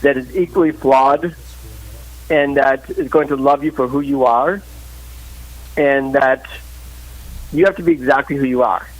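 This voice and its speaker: A man's voice: mid-range voice, measured pace, long pauses, low-quality recording. A man calling in to a live talk show, giving earnest, opinionated relationship advice with many restarts. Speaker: caller. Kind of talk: phone-in advice chat. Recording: live call line.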